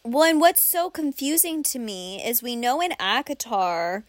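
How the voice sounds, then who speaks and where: A young woman co-hosting a podcast, chatting casually about a book. Her voice sits a little high and sounds dry and close to the mic. She is animated and laughs easily, acting out the characters' reactions. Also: a little slow, dry recording. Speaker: podcast co-host.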